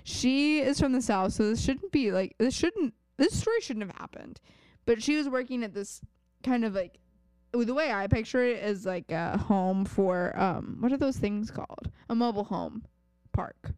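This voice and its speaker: A young woman telling stories on a podcast with an animated, swooping pitch and casual swearing. Her voice is a little high and sits close and dry on the mic. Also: normal speed, clear, resonant tone, no room sound. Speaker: podcast co-host. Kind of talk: casual chat.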